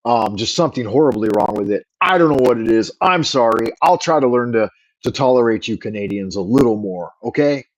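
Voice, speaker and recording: A man's voice: mid-range voice, animated, a little fast, rough recording. A middle-aged man with a Californian accent, rambling and swearing in an opinionated livestream chat. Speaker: livestream host.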